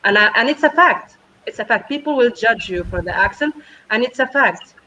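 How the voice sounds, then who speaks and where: A woman's voice: fairly high pitch, expressive, moderate pace, pushed and bright. Podcast panelist, woman, muffled noisy line, hesitant then emphatic. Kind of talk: casual panel discussion. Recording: dull remote audio with faint noise.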